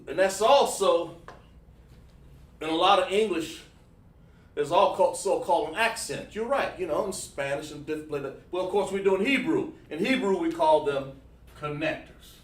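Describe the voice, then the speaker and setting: A man's voice: fairly high pitch, lively intonation, moderate pace. A man teaching a livestreamed class, patiently checking in and praising his students. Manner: patient, checks in with repeated "okay, all right", praises students. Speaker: class instructor. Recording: echoey room, voice far from mic.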